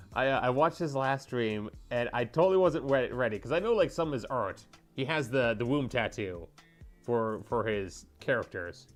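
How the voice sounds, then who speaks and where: Rambling man chatting while painting. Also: medium pitch. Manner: rambling, joking, talks to chat while painting. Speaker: streamer painting miniatures. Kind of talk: casual livestream chat.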